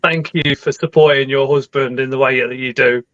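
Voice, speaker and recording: A man's voice: medium pitch, steady tone, normal speed, fairly bright tone. A man with a Liverpool accent hosting a live stream, chatting casually and reading out viewer comments. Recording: dull, dry lo-fi webcam mic.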